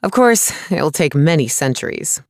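A man's voice: fairly high pitch, big pitch swings, moderate pace, no echo, studio quality, voice pushed up. A male narrator voicing a small, brusque, sarcastic woman artificer who talks bluntly and impatiently. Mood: matter-of-fact.

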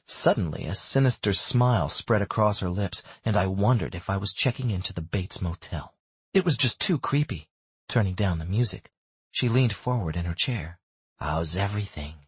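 Husky male audiobook narrator, low and steady, dry dull sound. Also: normal speed, no echo. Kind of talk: first-person audiobook narration.

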